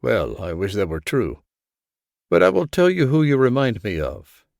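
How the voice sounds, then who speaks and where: A man voicing a calm, enigmatic older stranger who speaks softly and in a measured, faintly amused way. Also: medium pitch, creaky, no echo, studio quality.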